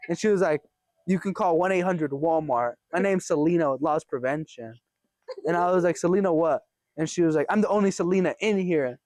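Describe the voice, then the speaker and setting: A young man casually telling a story on his vlog in an animated way, swearing often and laughing as he goes. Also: a little high, brisk, no echo. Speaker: vlogger.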